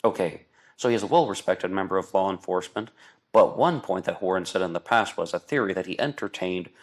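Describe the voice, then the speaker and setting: A man hosting an online radio show, chatting casually about an old murder case, talkative and prone to exasperated asides. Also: low voice. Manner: talkative, exasperated asides, mocks with put-on voices. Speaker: podcast host. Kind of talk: casual true-crime commentary.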